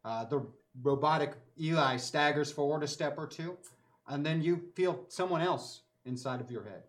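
A man narrating a tabletop game as game master, relaxed and descriptive. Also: on the high side, moderate pace.

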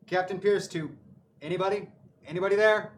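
A man voicing a brash male pilot captain who shouts over the comms. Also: high-pitched, steady tone, a little fast, slight background noise, pitched above the performer's own voice, close to an everyday voice.

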